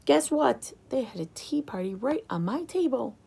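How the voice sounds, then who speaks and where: A woman narrating a children's book in an expressive storytelling manner. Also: high voice, moderate pace, creaky, slightly rough. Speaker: audiobook reader.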